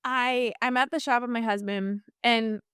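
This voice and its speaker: A woman guest telling a personal story in a casual interview, chatty and animated, with lots of fillers and restarts. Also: on the high side, normal speed, clean tone, no echo, clean studio sound.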